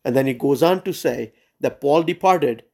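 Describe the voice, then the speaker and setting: A man leading a Bible study over a video call, preaching urgently with many pauses and fillers. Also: medium pitch, gravelly, mellow. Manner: earnest and urgent, frequent "uh" and "right?" fillers. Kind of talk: sermon-style Bible teaching. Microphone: Zoom call.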